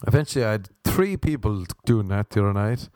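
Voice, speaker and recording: A man's voice: lowish voice, lively intonation, a little fast, a little mellow, slight background noise. A young man doing stand-up, telling an exasperated story with plenty of swearing. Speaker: stand-up comedian.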